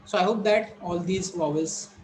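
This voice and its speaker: A man teaching vowel sounds, saying each example word slowly and repeating it. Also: high voice, a little mellow, a little hiss or hum, poor audio. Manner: slow, repetitive, modelling each word carefully. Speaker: English pronunciation teacher. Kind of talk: classroom lesson on vowel sounds.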